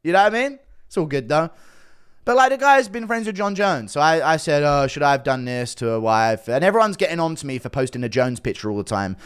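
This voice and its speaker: Male online commentator, slightly high voice, casual defensive rant, curses freely. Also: sing-song, fast talker, a bit bright, clean tone. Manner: defensive, sarcastic, swears a lot.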